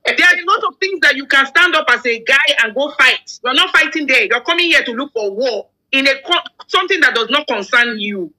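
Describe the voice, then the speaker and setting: A woman's voice: sits high, expressive, brisk, few pauses, pushed and bright, rough recording. A Nigerian woman in a heated opinion chat, firing indignant rhetorical questions.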